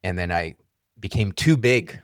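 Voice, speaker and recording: A man hosting an interview podcast, soft-spoken and affirming, sharing his own experience and asking follow-up questions. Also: low voice, lively intonation, measured pace, no room sound, clean studio sound. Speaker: podcast host. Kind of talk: conversational interview.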